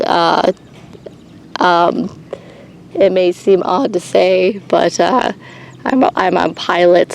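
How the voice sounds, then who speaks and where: A woman running an animal sanctuary, talking candidly in a halting way with many pauses and restarts. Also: medium pitch, gravelly, darkish tone, slight background noise. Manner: halting, many ums and restarts, nervous laughs. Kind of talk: candid personal vlog. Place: outdoors on a rural animal farm.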